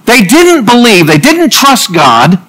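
A male preacher whose sermon runs on jokes and quick asides, laughing at his own lines. His voice sits high and bright, and his pitch leaps up and down as he tells it. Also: rough recording. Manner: animated, jokey asides and laughs. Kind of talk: humorous sermon.

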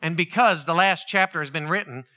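A man preaching a sermon, passionate, swinging between loud exclamations and quiet, earnest reflection. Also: fairly high pitch, fairly quick.

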